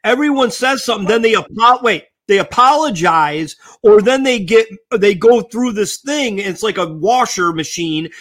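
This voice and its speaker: A man's voice: high-pitched, fairly bright tone. A man co-hosting a casual sports talk show, rambling through lists of teams and trailing off mid-thought.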